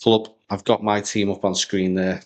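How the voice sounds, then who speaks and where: Young man, low voice, casual podcast chat, rambling, slangy. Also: monotone, normal speed. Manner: chatty, rambling, slangy banter. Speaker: podcast co-host.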